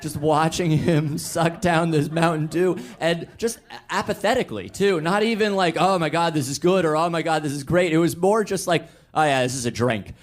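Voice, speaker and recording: A man's voice: on the high side, normal speed, hardly any pauses. A young man telling a personal story on stage, wry and rambling, full of restarts and fillers. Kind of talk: live storytelling.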